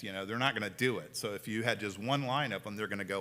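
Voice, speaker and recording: His medium-pitched voice is expressive, pushed and bright, racing along with few pauses as he chairs a planning board meeting in the city council chamber. Casual and chatty, he impersonates what drivers might say during the public discussion.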